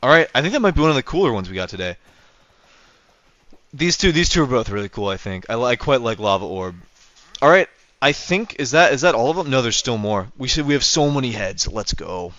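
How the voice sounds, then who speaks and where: A young man streams a game and chats with his viewers, rambling and correcting himself as he goes. His voice is smooth and clear, dry and close, though the mic sounds dull and lo-fi. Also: mid-range voice, big pitch swings, fairly quick, a bit bright, no room sound. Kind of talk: casual livestream commentary.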